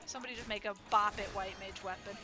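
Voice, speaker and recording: A woman's voice: mid-range voice, fairly even intonation, fast, over music. A woman streaming a game, chatting playfully with her viewers and reading game lines aloud. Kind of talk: casual game streaming with read-aloud dialogue.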